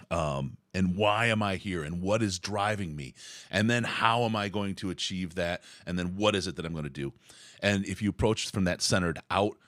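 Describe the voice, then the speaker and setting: A man's voice: sits low, fairly bright tone, no room sound, clean studio sound. A man hosting a sports podcast, chatting casually and rambling through his points. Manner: conversational, rambling with restarts. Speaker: podcast host.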